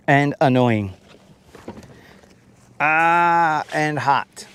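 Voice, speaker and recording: Joking, rambling fishing host. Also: male voice, a little high, unhurried, long pauses. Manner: joking, rambling, calls listeners bro. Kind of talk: casual livestream rant. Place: boat on a lake, outdoors.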